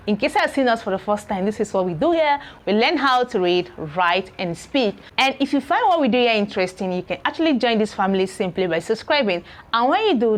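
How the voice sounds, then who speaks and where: A woman teacher leads a beginner English lesson at a board. She repeats syllables in slow drills and keeps asking "okay?" to check that her learners follow. Her voice sits at a middle pitch. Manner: drills syllables slowly, tagging lines with "okay?". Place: classroom or room with a board.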